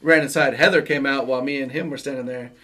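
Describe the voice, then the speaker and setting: Casting: man, mid-pitched, easygoing, laughing, chiming in with swearing. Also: fairly even intonation, fast talker, fairly bright tone. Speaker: friend in the conversation. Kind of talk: casual storytelling chat.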